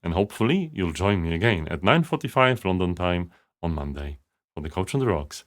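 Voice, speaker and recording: Male coach host, slightly low voice, loose rambling live-stream delivery full of ums. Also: big pitch swings, fairly quick. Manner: rambling, full of fillers and restarts. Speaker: leadership coach hosting a live show. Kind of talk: casual live-stream monologue.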